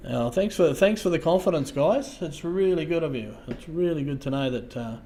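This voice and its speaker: An Australian man hosting a casual livestream, talking to viewers in a halting way, repeating words and trailing off softly. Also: fairly high pitch, expressive, slight background noise. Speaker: livestream host.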